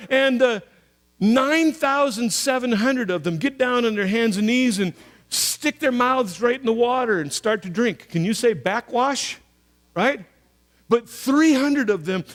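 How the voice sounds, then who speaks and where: Animated high-voiced pastor preaching. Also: male voice. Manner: storytelling, acts out voices of soldiers and God, animated swings in pitch and loudness. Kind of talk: sermon.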